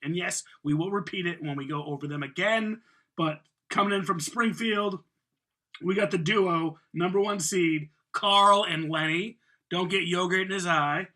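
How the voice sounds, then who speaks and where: A man's voice: sits high, moderate pace, bright, forceful tone. A man hosting a casual podcast, announcing tournament brackets playfully and chatting with co-hosts. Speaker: podcast host.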